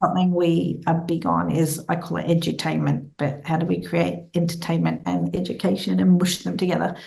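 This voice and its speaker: A woman guest in a conversational interview, telling stories in a playful, animated way. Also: on the low side, fairly quick, vocal fry.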